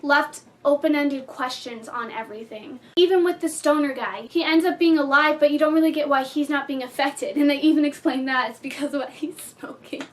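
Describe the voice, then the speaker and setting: A bubbly woman chatting through a casual movie review with a bright, high voice. She talks like she's telling friends about it and keeps slipping into giggles. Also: a little fast, few pauses.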